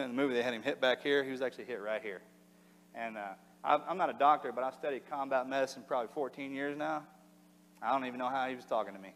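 A middle-aged man telling a war story to an audience in a plain, halting way, his voice sinking low and quiet at the hardest parts. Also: slight background noise. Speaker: speaker giving a talk. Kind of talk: recounting a combat story to an audience. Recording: long hall reverb.

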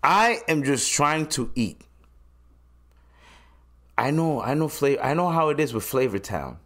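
A man's voice: mid-range voice, very animated, a little slow, a bit bright. A man hosting a solo podcast, talking in a loose, profane, joking way. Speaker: podcast host.

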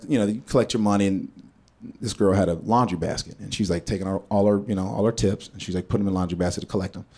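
A man in his thirties telling a stand-up story on stage. He drops into hushed asides and bursts into loud, profane punchlines. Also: on the low side, a little hiss or hum. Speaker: stand-up comedian. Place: comedy stage before a live audience.

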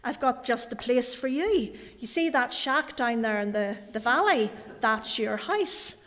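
A woman voicing Saint Peter as a calm, kindly man in a spoken parable, recorded in a church. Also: fairly high pitch, unhurried. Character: gentle, sad-voiced Saint Peter at heaven's gate. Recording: church hall reverb.

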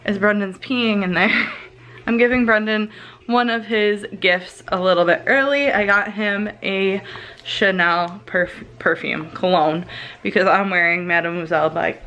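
A woman's voice: mid-range voice, a little slow, pushed and bright. A young woman chatting casually in a vlog, rambling with lots of fillers. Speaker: vlogger, bride-to-be. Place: car, then home. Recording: background noise.

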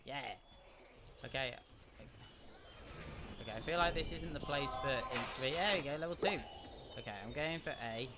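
A man giving excitable, chatty commentary as he livestreams a game, muttering sing-song to himself. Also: on the high side, normal speed, pauses often, heavy background noise. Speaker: gaming livestreamer. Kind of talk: live gameplay commentary. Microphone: desk mic, no headset. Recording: game sound clearly behind the voice.

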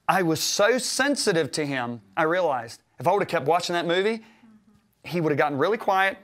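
A middle-aged man preaching in a fairly high voice. He builds to loud, emphatic runs, then drops to a soft, confiding tone, and acts out his own quoted words along the way. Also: animated, moderate pace. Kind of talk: sermon-style teaching.

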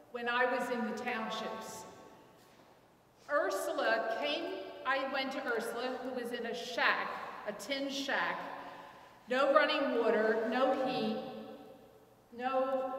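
An older woman giving a public lecture, telling a personal story in an earnest, halting way with restarts. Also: high voice, fairly bright tone. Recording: echoey hall from far off.

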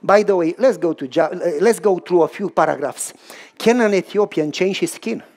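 A man's voice: sits high, moderate pace, a little mellow. A man preaching a sermon to a live audience, telling a story and acting out both sides of a dialogue while questioning his listeners directly. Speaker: pastor.

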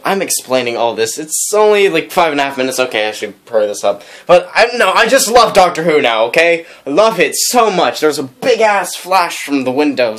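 A man vlogging in a rambling, excitable way, full of filler words. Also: fairly high pitch. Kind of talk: casual vlog chat.

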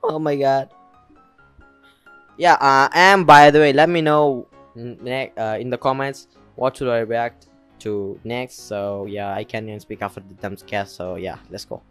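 A young man filming a reaction vlog, excitable and jumpy, with frequent shrieks and nervous laughter into a desk mic. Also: medium pitch, a little slow, smooth, faint music behind. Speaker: reaction video creator. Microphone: desk mic with headphones.

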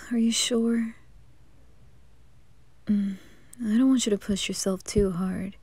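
A woman voicing a gentle, doting young father in a whispered role-play, talking softly with light laughs. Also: medium pitch, no room sound. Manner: soft, tender, breathy whispering with light laughs.

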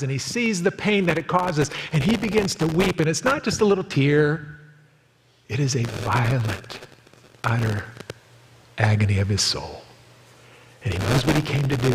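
A man's voice: in a large hall, a little hiss or hum, low-quality recording. A man preaching a sermon as a pastor, telling stories and acting out the people in them. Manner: storytelling, acting out quoted voices in a higher pitch. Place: church sanctuary.

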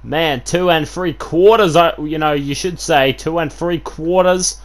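A man giving excitable play-by-play commentary over a wrestling video game, full of fillers and sudden shouts at big moves. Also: on the high side, measured pace. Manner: excitable, filler-heavy, keeps saying "of course", bursts into shouts at big moves.

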